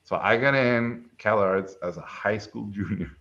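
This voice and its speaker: A man's voice: lowish voice, unhurried. A middle-aged man, a film director, telling a personal story in a casual interview and acting out the people in it. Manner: lively storyteller who acts out voices. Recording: dull lo-fi sound.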